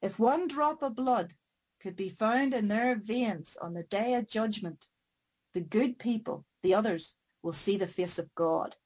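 A dead old man sits up on his bier and speaks, his voice higher and drawn-out, strange and eerie, as a woman storyteller voices him. Each word comes slow and deliberate. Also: darkish tone, slightly rough.

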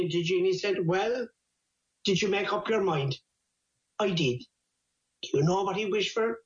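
A man from Ireland with an Irish accent, playfully telling folk tales and jokes. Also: high voice. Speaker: storyteller. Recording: roomy, slightly dull recording.

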